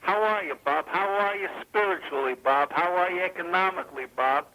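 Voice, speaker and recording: A man's voice: high voice, a little fast, pushed and bright. A man calling a radio show, taunting the host with repetitive mocking questions. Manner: mocking sing-song repetition. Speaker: caller. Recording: noisy phone line.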